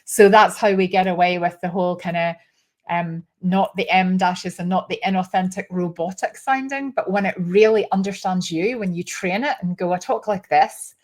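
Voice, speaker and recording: A woman's voice: lowish voice, normal speed, darkish tone. A woman with an accent part Northern Irish and part Scottish, hosting a casual talk to camera in a chatty way and often checking in with "right?". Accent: mix of Northern Irish and Scottish. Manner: chatty, keeps asking "right?", shifts pace a lot. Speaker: host.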